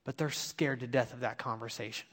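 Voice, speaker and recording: A man's voice: mid-range voice, steady tone, a little fast, a bit bright. A man in his thirties giving an earnest, confessional sermon, telling a personal story and urging listeners. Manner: earnest, confessional, rising to emphatic exhortation. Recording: long hall reverb.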